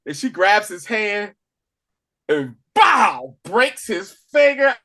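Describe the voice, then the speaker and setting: Man, podcast co-host, casual spoiler chat, lively swooping pitch, bright tense tone. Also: slow pace. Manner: animated storytelling, acts out characters' lines.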